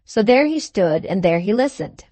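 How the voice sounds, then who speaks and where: A woman narrating an audiobook of a classic novel in a measured, unhurried way. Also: medium pitch, sing-song, dark tone, dry recording. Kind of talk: scripted narration.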